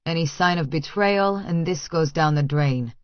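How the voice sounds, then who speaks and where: A woman voicing a calculating male cartel boss who states threats flatly and matter-of-factly. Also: fairly high pitch, moderate pace, no echo, muffled recording, lightly acted. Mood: coolly threatening.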